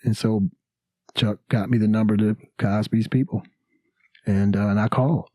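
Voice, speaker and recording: Speaking at a moderate pace in a steady, mellow, lowish voice with no room sound, a comedian appears as a guest in a podcast studio. His anecdotal telling is casual, packed with fillers and acted-out quotes.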